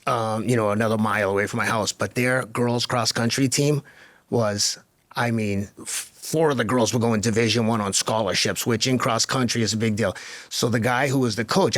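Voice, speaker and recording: A man in his fifties, a guest on a podcast, telling stories in a chatty, animated way that grows louder and more fired up. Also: medium pitch, brisk, no room sound. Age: 50s. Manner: chatty, lots of fillers and restarts. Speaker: podcast guest, marathon runner. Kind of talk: casual interview storytelling.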